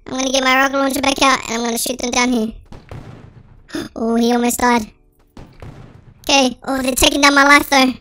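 Squeaky chipmunk-filtered gamer host. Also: no echo. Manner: excitable, dramatic exclamations. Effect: sped-up chipmunk voice filter. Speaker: gaming channel host. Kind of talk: let's-play gameplay commentary.

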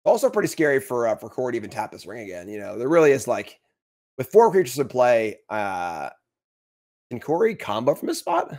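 A man casually commentating a card game match, chatty and quick to laugh, with lots of fillers and restarts. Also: mid-range voice, sing-song, a little mellow.

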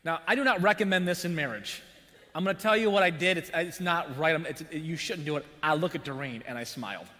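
Male pastor, sermon, animated storyteller, bright forceful voice, echoing church hall. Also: on the high side, brisk. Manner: animated storyteller with buzzing sound effects. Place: church sanctuary. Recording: long church-hall reverb.

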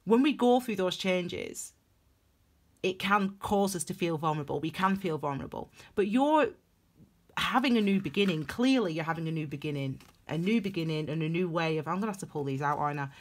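A young woman giving a casual tarot reading to camera, emphatic and animated, repeating phrases for stress. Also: fairly low pitch, fairly quick. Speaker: tarot reader.

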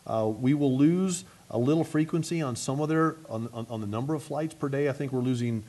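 A middle-aged man, a city mayor, giving an energetic luncheon speech and answering questions, talking fast with frequent restarts. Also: mid-range voice.

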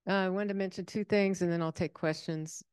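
A woman's voice: on the low side, fairly even intonation, brisk, darkish tone, smooth, dry recording, clean studio sound. A woman hosting a public talk, friendly and informal. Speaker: event host.

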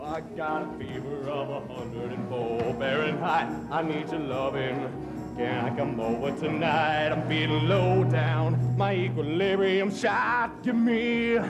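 School musical, student actor as a lovesick teen greaser, light tenor over a live band. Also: male voice, on the high side, a little slow, over loud music. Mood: pleading. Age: teens. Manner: rock-and-roll crooning. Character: feverish lovesick teenage greaser boy. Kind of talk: high school stage musical, singing. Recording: live stage with loud band.

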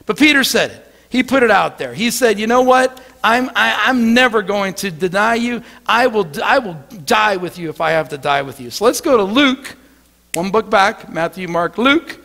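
A man's voice: high-pitched, expressive, normal speed, gravelly, bright, forceful tone, long reverb tail. A male pastor giving an earnest sermon, often repeating words as he starts his sentences.

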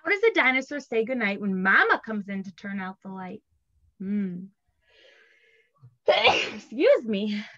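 A woman in her thirties, a teacher leading children's story time, singing simple songs and reading a picture book aloud in a gentle, expressive way. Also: mid-range voice, a little slow, pauses often. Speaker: preschool teacher. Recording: dull lo-fi sound.

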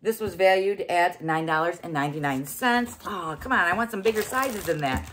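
A woman's voice: lowish voice, normal speed, fairly bright tone, a little hiss or hum. A middle-aged woman hosting a casual unboxing vlog, chatty and exclaiming as she thinks aloud. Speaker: host.

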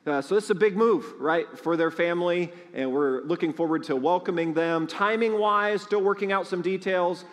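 Chatty pastor in a reverberant sanctuary. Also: male voice, high voice, moderate pace, hardly any pauses. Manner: chatty storytelling, asks the congregation questions. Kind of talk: sermon with announcements. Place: large church sanctuary. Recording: long hall reverb.

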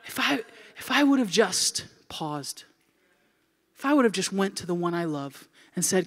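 A woman's voice: fairly low pitch, moderate pace, in a large hall. A woman in her forties preaching a sermon, telling a comic story and acting out scenes. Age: 40s. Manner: animated and comedic, acting out scenes. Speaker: pastor.

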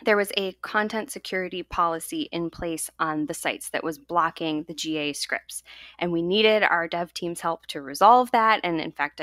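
A woman's voice: lowish voice, fairly bright tone, no room sound. A woman co-hosting a podcast, talking casually through a work puzzle step by step. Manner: explains step by step, laughs easily. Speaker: podcast co-host.

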